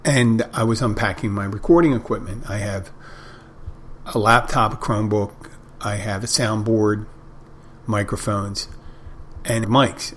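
A man's voice: on the low side, a bit bright, slight background noise. A middle-aged man hosting a podcast, telling wry, rambling anecdotes in a casual monologue. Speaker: podcast host.

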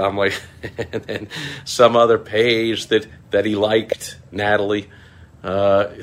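A middle-aged man, a small business marketing consultant, hosting a casual vlog and telling an animated story with chuckles. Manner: animated, chuckling, breaks into mocking high-pitched quoted voices.

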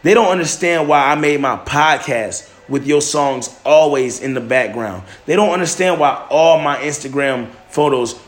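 A man's voice: fairly high pitch, normal speed, hardly any pauses. A man hosting a solo podcast, talking loosely with lots of restarts and fillers. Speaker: podcast host. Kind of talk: casual solo podcast monologue. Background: faint music.

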